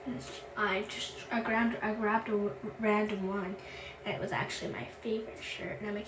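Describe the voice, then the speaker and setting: A woman's voice: mid-range voice, steady tone, normal speed, distant mic. A young female vlogger chatting through a story while getting ready for bed, full of "like"s and quoted dialogue. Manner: chatty, many "like"s, quotes her friends in dialogue. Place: bathroom then bedroom at home. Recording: echoey room with background noise.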